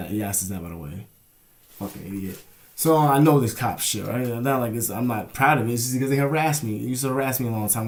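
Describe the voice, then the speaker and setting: A man's voice: medium pitch, creaky, darkish tone. A young man telling a rambling, profane story in a casual vlog, often asking "you know what I'm saying". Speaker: vlogger.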